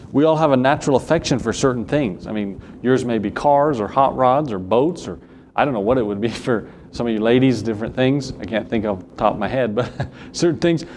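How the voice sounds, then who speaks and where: A man's voice: mid-range voice, a little mellow, a little hiss or hum. A man with a Southern US accent preaching a sermon, moving between conversational asides and King James scripture readings.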